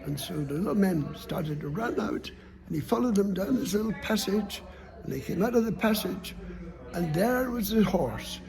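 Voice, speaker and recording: A man tells a folk tale aloud in a high, gravelly voice. He is playful and lively, with sound effects and sudden hushes. He keeps the pace warm and full of play. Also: moderate pace, crowd noise. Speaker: storyteller. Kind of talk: oral folk storytelling.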